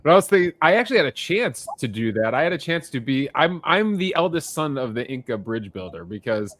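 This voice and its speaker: A man's voice: mid-range voice, sing-song, a little fast, fairly bright tone, dry recording. A man co-hosting a podcast, talking in a casual, chatty way and laughing often. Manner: chatty, laughs often, tells jokes with put-on voices. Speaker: podcast co-host. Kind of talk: casual chat.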